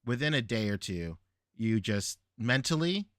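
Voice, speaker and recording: A Filipino American man hosting a podcast, telling stories in an animated way with frequent laughs. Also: medium pitch, measured pace, no room sound, clean studio sound. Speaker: podcast host. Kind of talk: casual chat.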